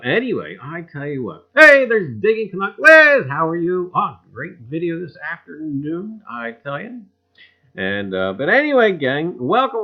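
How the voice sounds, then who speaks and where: Folksy, animated man hosting a livestream. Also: fairly high pitch. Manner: folksy, greets viewers by name, leans on pet phrases. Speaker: livestream host. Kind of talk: casual livestream chat. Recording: dull lo-fi stream audio.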